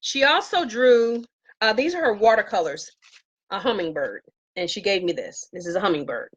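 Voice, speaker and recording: Animated woman telling a story live. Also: moderate pace, breathy edge, lo-fi sound. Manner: animated, acts out quotes in a high voice. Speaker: live-stream vlogger. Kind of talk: casual storytelling to live viewers. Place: home with herbs around.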